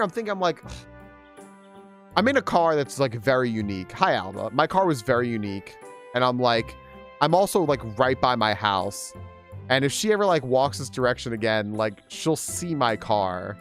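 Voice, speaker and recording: While streaming a game, a man tells stories casually, swearing a lot and using plenty of filler words. His mid-range voice is very animated and fairly bright at a moderate pace, with soft music in the background.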